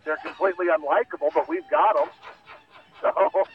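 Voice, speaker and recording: Calling in as a guest on a radio show, a man chats casually in a rambling, self-mocking way full of fillers. His voice is fairly high and moderately paced, coming through a tinny phone line.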